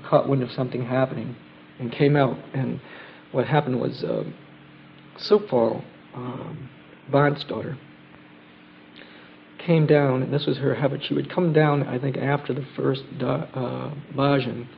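A man sharing his travel experiences with a gathering in a casual spoken testimony, halting and reflective with many fillers and restarts. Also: medium pitch, creaky. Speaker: group member sharing trip experiences. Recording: dull lo-fi tape with faint hiss.

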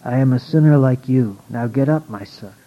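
A man voicing a gentle old spiritual master. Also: medium pitch, moderate pace, natural voice. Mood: gently refusing. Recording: dull lo-fi recording.

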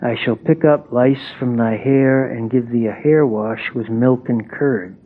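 A man's voice: mid-range voice, measured pace, natural voice. A man reading as a tender young shepherd boy. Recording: tinny phone-like sound.

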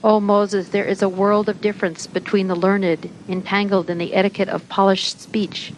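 A woman reading aloud the words of God in a slow, measured, solemn way, close to her own narrating voice. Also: mid-range voice, little pitch movement, a little hiss or hum, close to an everyday voice, low-quality recording. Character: divine voice of God, patient and reproving.

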